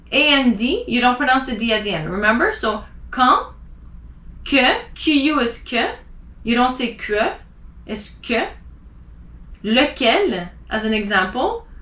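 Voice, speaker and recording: A woman teaching a language lesson, spelling out letters and slowly repeating example words. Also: high-pitched, bright, forceful tone, echoey room. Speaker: French teacher.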